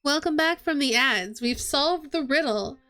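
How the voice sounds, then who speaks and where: Woman streamer chatting casually, high lively voice, slow-ish. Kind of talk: casual gameplay commentary.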